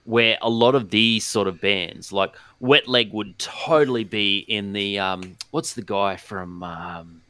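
A man's voice: on the low side, takes it slowly, few pauses, pushed and bright, smooth, no room sound. A man co-hosting a casual music podcast, rambling with hesitant restarts. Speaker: podcast co-host. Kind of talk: casual chat.

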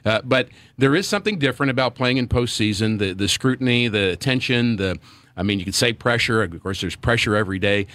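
A man's voice: medium pitch, lively intonation, brisk, fairly bright tone, no echo. A middle-aged man, a former player turned radio broadcaster, talking earnestly in a sports radio pregame chat with many fillers and restarts.

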